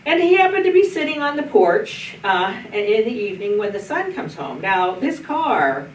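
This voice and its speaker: A woman's voice: mid-range voice, big pitch swings, moderate pace. A middle-aged woman pastor leading a group Bible study, telling stories in a folksy, anecdotal way with frequent restarts. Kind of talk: storytelling in a group discussion. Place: church meeting room. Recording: roomy, distant mic, faint noise.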